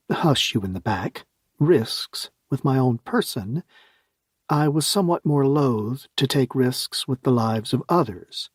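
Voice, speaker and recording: A man's voice: medium pitch, darkish tone, breathy edge, no room sound, clean studio sound. A man narrating a science fiction audiobook in the first person, wry and conversational.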